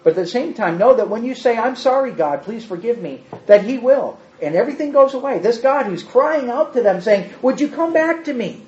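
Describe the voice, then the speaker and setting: A high-voiced man preaching a sermon, acting out quoted speech with sudden jumps up and drops to a hush. The recording is dull and lo-fi, with the top end muffled. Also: a little fast, few pauses. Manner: animated, acts out quotes with big swings in pitch and loudness.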